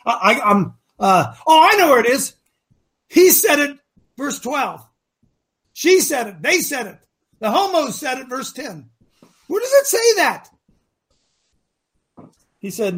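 A man's voice: extremely high pitch, sing-song, a little slow, pauses often, slightly rough. Emphatic, preachy male talk show host. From Ohio. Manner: emphatic and preachy, swinging between shouting and mutters.

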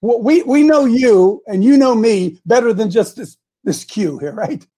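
A middle-aged man hosting a casual morning show, rambling and repeating himself, with sudden loud outbursts. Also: very high voice, animated, unhurried. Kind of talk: casual live-stream talk.

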